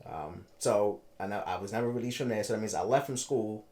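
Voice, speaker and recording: A man in his thirties from Baltimore, a podcast guest telling a personal story in a halting way, repeating words and acting out what people said. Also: lowish voice, a little mellow. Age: 30s.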